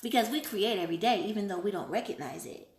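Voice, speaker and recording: A woman hosting a casual live stream, playful and animated, laughing often while she answers viewer questions. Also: medium pitch, fast talker, echoey room. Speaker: livestream host.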